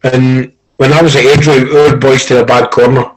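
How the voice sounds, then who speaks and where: A Scottish man, a former football coach, chatting casually as a pundit and telling animated stories with plenty of swearing. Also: mid-range voice, moderate pace, poor audio. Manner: animated storyteller, acts out quoted arguments, swears.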